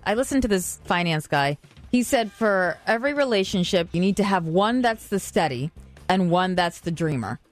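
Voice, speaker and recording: Brisk female radio co-host taking calls, faint music behind. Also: fairly low pitch, lively intonation. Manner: brisk, explains the caller's case, takes calls. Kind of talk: casual radio talk show chat.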